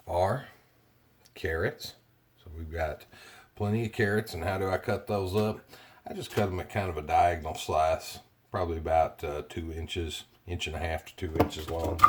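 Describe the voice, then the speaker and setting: A deep-voiced man walks through a home kitchen recipe in a relaxed, chatty way, often pausing on fillers. His voice sits low. A faint hiss runs under the camera mic. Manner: chatty, plainspoken, with frequent fillers. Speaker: cooking video host. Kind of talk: casual cooking demonstration.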